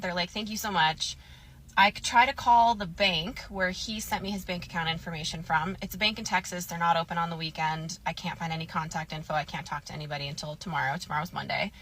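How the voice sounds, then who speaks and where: A woman telling a personal story to camera in a casual, animated, candid way. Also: lowish voice, brisk. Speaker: storytime vlogger.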